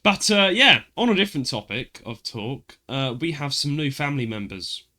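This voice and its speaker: Speaking in a mid-range voice at normal speed, this British podcast host tells animated stories in a casual chat and laughs frequently.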